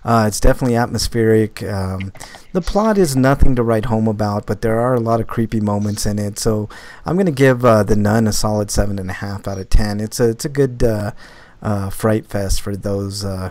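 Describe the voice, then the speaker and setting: A man with a lowish voice at a moderate pace hosts a casual podcast, reviewing movies and telling stories. He rambles with lots of fillers and restarts, growing animated when retelling stories.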